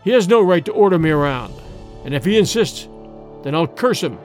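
A man's voice: a little high, lively intonation, brisk, a little mellow, faint music behind, natural voice. A man voicing a defiant, sinister old man who makes threats. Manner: stubborn, threatening.

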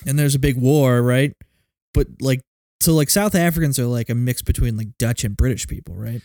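A man's voice: mid-range voice, moderate pace, mellow, no room sound, studio quality. A man co-hosting a casual movie podcast, rambling and saying "like" a lot. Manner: rambling, heavy use of "like". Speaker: podcast co-host.

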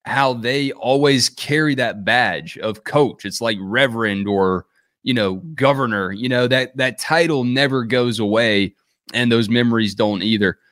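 An easygoing male host asking a guest long, rambling questions. His middle-pitched voice comes through a dry, close recording with no room sound. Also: measured pace, a bit bright, no room sound. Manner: easygoing, laughs along, asks long questions. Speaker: show host. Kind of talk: interview conversation.

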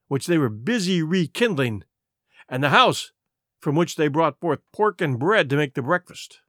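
A man reading a classic adventure story aloud in a measured, expressive way. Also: on the high side, no room sound, studio quality. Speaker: audiobook narrator. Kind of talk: storybook narration.

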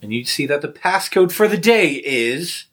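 A man's voice: on the high side, expressive, normal speed, fairly bright tone, low-quality recording. A man narrating a tabletop game as game master, laid-back and descriptive with dry humor.

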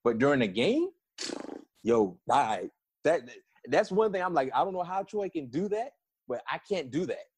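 A middle-aged man from South Florida, a former football player, telling lively stories in a casual interview and acting out the quotes. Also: a little high, normal speed, a little hiss or hum. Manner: animated, repeats and restarts, acts out quotes.

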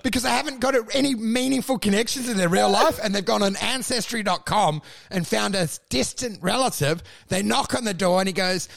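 A man's voice: high-pitched, a little fast, gravelly, hardly any pauses, fairly bright tone. A man co-hosting a comedy podcast, riffing profanely and rambling while acting out bits in quoted voices.

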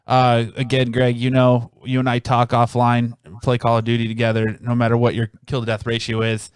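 A man hosting a casual podcast, loud, hyping and joking. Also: medium pitch, completely flat delivery, brisk, clear, resonant tone, dry recording, clean studio sound. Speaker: podcast host.

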